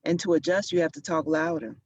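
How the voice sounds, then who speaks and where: A man's voice: fairly high pitch, fairly even intonation, fast talker, darkish tone, no echo. Man from Chicago on a dry lo-fi call. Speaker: discussion participant. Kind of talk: casual group conversation. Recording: dry, dull lo-fi call audio.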